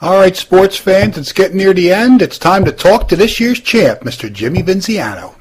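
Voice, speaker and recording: A man's voice: sits high, animated, moderate pace, slightly rough. A man hosting a comedy roast, interviewing classmates with lots of hesitant fillers.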